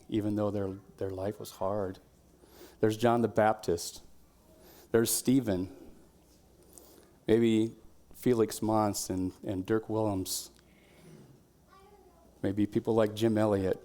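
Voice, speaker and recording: A man preaching a Sunday sermon in a church, in a conversational way, sometimes dropping to a quiet tone and sometimes shouting out quoted cheers. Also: on the low side. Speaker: pastor.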